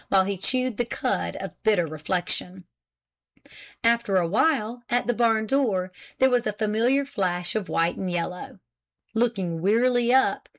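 Woman audiobook narrator, measured and even, classic novel. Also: medium pitch. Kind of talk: scripted narration.

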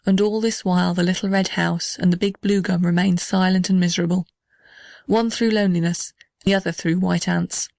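Woman storyteller, gentle steady read, dry close sound. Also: on the low side, moderate pace, creaky, dry recording. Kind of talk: scripted narration.

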